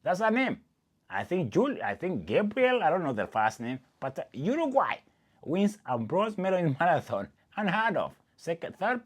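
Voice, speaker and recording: An animated man from Kenya gives casual athletics commentary as a podcast host. His pitch swings widely while he presses each point. He keeps calling the listener "my friend" and talks to them directly. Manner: animated and emphatic, speaks straight to the listener as "my friend".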